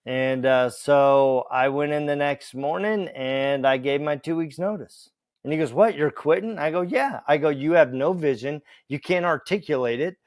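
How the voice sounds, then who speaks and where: A man telling a story as a podcast guest, animated, acting out the dialogue and laughing along the way. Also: on the high side, moderate pace, no echo, studio quality. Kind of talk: casual storytelling.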